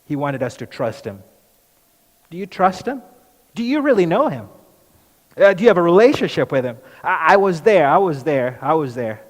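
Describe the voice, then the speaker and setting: A man speaking in character as the apostle Peter, an outspoken, impulsive fisherman, in an earnest monologue that questions the audience directly. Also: fairly high pitch. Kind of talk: dramatic first-person monologue. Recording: echoey hall reverb.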